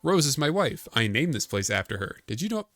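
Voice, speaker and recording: A man's voice: mid-range voice, very animated, a little fast, fairly bright tone, no room sound, pitched above the performer's own voice. A cranky, boastful old motel keeper, as a man puts him on for a game playthrough, in a raised, grumbling voice. He rambles on about his own importance, recorded dry and close.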